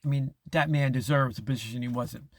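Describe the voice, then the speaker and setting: A man's voice: mid-range voice, steady tone, quick pace, no echo. A middle-aged man hosting a casual monologue, rambling with restarts and chuckling as he acts out quoted voices. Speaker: host.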